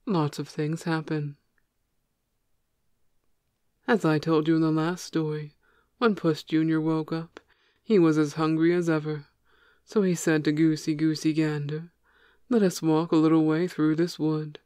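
A reader narrating a children's storybook in a flat, even way. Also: mid-range voice, moderate pace, smooth, dry recording, studio quality. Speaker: audiobook reader.

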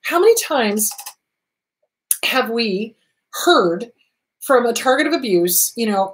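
A woman's voice: on the high side, lively intonation, a little slow, long pauses. A woman therapist hosting a talk show, answering viewer questions in an earnest, reassuring way and repeating her key points.

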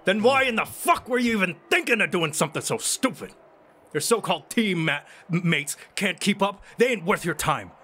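A man voicing an angry, scornful father who shouts down his grown daughter. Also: high-pitched, expressive, normal speed, pitched above the performer's own voice, heavily acted. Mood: furious.

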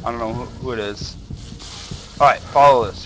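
A man's voice: medium pitch, normal speed, long pauses, sharp tone, slight background noise, low-quality recording. A young man playing a horror game, talking to viewers through a headset, jumpy and swearing under his breath as he goes. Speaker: gaming video host. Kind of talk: horror game let's play commentary.

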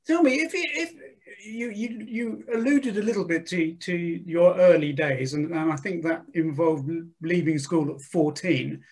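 Husky-voiced man asking halting questions. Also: a little high, a little mellow. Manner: hesitant, stumbling questions. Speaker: interviewer. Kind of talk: interview questions.

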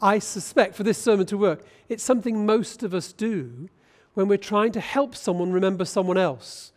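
A British bishop delivers a sermon in a church, his voice sitting high for a man. He speaks in an easy, conversational way, often turning to ask his listeners questions. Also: normal speed. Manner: conversational, asks the congregation questions. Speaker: bishop preaching.

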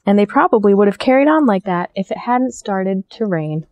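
A young woman who works as a children's librarian, reading a picture book aloud in a friendly, gentle, teacher-like way. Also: mid-range voice, lively intonation, normal speed, no echo, lo-fi sound. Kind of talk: storytime read-aloud for children.

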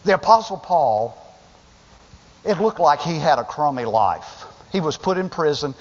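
A man's voice: fairly high pitch, big pitch swings, unhurried. A male pastor preaching a sermon with passion, stumbling over restarts and acting out the voices of people in the story. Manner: impassioned, acts out quoted voices, stammering restarts. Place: church sanctuary. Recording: dull sound in a long-reverb sanctuary.

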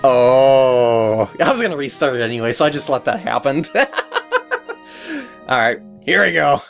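A woman's voice: a bass voice, lively intonation, moderate pace, creaky, soft background music. Giggly woman narrating her gameplay. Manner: giggly, self-mocking, exclaims at the game. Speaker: let's play host. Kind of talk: gameplay commentary.

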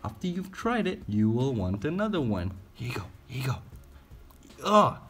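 Host, excitable man with a husky lively voice, coaxing and laughing through a pet feeding vlog. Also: medium pitch, moderate pace, faint music behind. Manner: excitable, laughs often, coaxes his pets. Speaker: exotic pet keeper and channel host. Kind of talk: casual animal feeding vlog.

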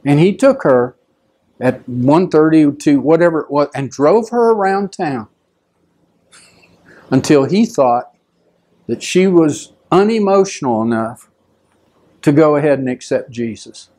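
Middle-aged pastor, slightly high voice, chatty sermon storytelling, pitches up for quotes. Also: male voice, animated, measured pace, long pauses, mellow. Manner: conversational, acts out quoted voices with rising pitch.

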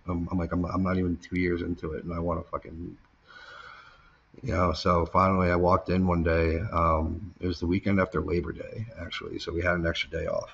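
A man's voice: low-pitched, flat delivery, a little fast, gravelly, fairly bright tone, slightly rough, highs cut off. A man being interviewed, telling his story casually and with lots of swearing, acting out the people he quotes. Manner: casual, profane, filler-heavy storytelling; acts out quoted people, voice jumping up when heated. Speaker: interview guest.

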